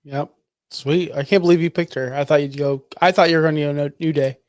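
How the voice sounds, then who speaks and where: A man's voice: a little high, steady tone, a little fast, no echo, studio quality. A man co-hosting a wrestling podcast in easygoing casual chat. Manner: easygoing, lots of short agreeing replies. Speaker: podcast co-host.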